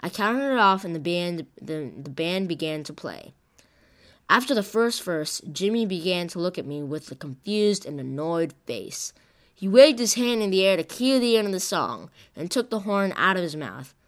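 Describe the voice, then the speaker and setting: A woman reading a first-person story aloud, moving expressively between calm narration and lively speech. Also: lowish voice, normal speed.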